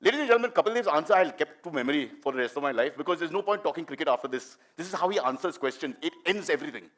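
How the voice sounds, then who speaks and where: Middle-aged indian guy doing standup, talks super quick, kinda high voice, chatty and pokes at the crowd. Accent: Indian English. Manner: animated, chatty, teases the audience. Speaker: stand-up comedian. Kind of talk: live stand-up storytelling.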